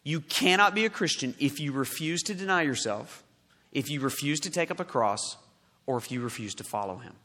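Fervent high-pitched male preacher in a big hall. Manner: forceful, swings from loud emphatic peaks to low quiet asides. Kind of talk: sermon.

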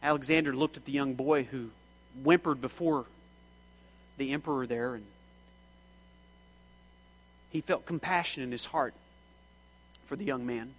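A man preaching a sermon with passion, his voice swinging from shouting to hushed and back. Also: mid-range voice, measured pace, long pauses, poor audio.

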